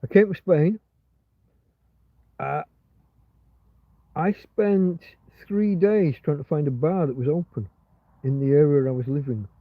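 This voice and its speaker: A man's voice: fairly high pitch, measured pace, pauses often, no room sound. Rambling man on a tinny line. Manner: meandering, many restarts and filler words. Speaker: livestream host. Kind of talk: rambling casual livestream chat. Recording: tinny phone-like sound.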